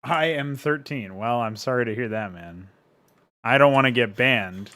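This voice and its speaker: Young man, casual streamer, crisp bright voice, relaxed and joking with chat. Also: fairly low pitch, moderate pace. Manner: laid-back, joking, swears, reads out chat. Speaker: streamer and game modder.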